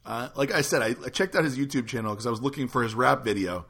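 A man's voice: medium pitch, fast, vocal fry, fairly bright tone, husky. A man hosting a podcast, chatting casually and swearing freely. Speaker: podcast host. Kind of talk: casual chat.

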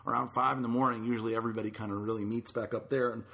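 Give me a fast, bright-voiced man hosting a podcast, loose and blunt. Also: mid-range voice, level tone, vocal fry. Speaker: podcast host. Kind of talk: casual podcast chat.

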